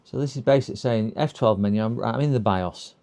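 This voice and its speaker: Man, lowish voice, muttering through repair steps on a live stream, hesitant and casual. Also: fast talker, a little mellow. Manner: thinking aloud, hesitant, reading instructions half to himself. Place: repair workbench.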